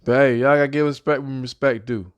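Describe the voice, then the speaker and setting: Excited young man talking football. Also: mid-range voice, fast, clean tone. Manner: excited, repetitive, talks like a fan. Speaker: football fan vlogger. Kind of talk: casual sports prediction vlog.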